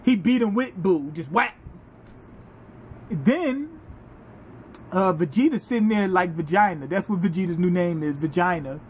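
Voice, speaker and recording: Male reviewer, high voice, animated and foul-mouthed casual recap. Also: measured pace, long pauses, slight background noise. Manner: animated, profane, laughing storyteller. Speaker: anime reviewer.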